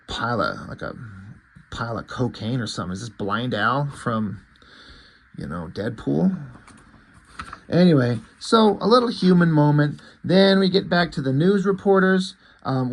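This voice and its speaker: A man casually reviewing a comic book page by page, rambling, opinionated and quick to swear. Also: medium pitch. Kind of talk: casual chat.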